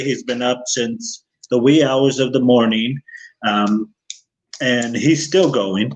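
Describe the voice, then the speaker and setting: A man's voice: mid-range voice, darkish tone, low-quality recording. A man hosting a casual live stream, introducing a guest and asking him questions.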